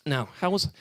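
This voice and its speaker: A young man with an English accent doing a stand-up set at a small bar open mic, deadpan and hesitant with many fillers. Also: no room sound. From England. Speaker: stand-up comedian.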